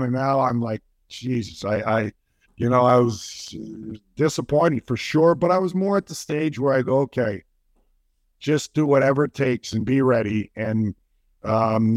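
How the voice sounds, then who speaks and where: Older male interview guest, lively storyteller, medium pitch, dead dry recording. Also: dry recording. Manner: animated storytelling, many restarts. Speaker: former hockey player guest.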